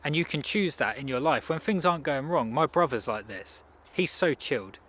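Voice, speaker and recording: A man's voice: a little high, lively intonation, moderate pace, fairly bright tone, breathy edge. A man giving a casual self-improvement talk in a loose, rambling way, often restarting his sentences. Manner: rambling, conversational, frequent restarts.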